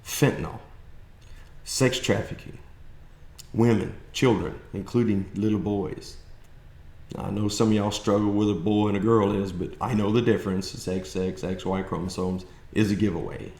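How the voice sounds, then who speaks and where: Fired-up South Texas man, low-pitched, plain-spoken commentator, recorded in a roomy space. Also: fairly even intonation, moderate pace, a little mellow. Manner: blunt, folksy, fired-up ranting with mocking quoted voices. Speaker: political commentator vlogger. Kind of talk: opinionated monologue.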